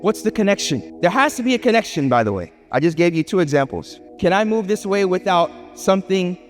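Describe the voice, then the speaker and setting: A man giving a lively public lecture, asking the audience questions and acting out little scenes. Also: sits high, brisk. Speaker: Islamic speaker. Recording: hall reverb with faint music.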